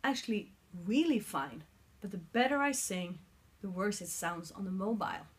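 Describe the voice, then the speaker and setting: A woman's voice: medium pitch, expressive, normal speed. Swedish-accented woman vlogging on her phone. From Sweden. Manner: earnest and explanatory, searching for words at times. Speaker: singer vlogging her vocal training. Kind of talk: casual explanatory vlog. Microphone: mobile phone.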